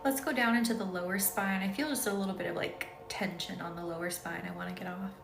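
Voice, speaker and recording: A woman's voice: lowish voice, fairly even intonation, quick pace, vocal fry, background noise. Sleepy, giggly woman in an echoey room. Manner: giggly, chatty, easily set off laughing. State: sleepy and tired. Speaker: energy healer hosting a live session. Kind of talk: casual live-stream chat reading comments.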